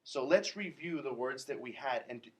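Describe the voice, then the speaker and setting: Low-voiced woman teaching young children. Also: animated, normal speed, a crowd in the background. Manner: encouraging, prompting children with questions. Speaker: second grade teacher. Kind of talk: classroom vocabulary lesson. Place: classroom with children. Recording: noisy classroom full of children. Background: children chattering.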